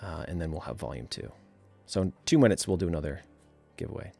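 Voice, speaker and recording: Here the New England livestream host sounds low, quick, and slightly rough, with vocal fry, as soft music plays in the background. He reads viewer comments out loud and chats comfortably, laughing a lot and leaning on fillers in a relaxed, easygoing way.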